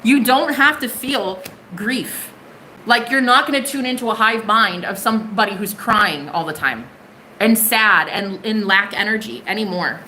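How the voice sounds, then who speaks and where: A woman's voice: medium pitch, expressive, unhurried, bright, forceful tone, slight background noise, low-quality recording. A young woman from the United States giving a live-stream tarot reading, chatty and bubbly with plenty of swearing. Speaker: tarot reader.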